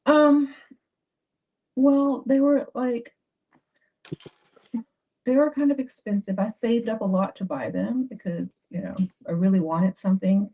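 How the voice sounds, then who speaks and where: A woman giving dating advice in a chatty, animated livestream talk. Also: fairly high pitch, takes it slowly, pauses often, breathy edge. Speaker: advice host. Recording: dull lo-fi sound.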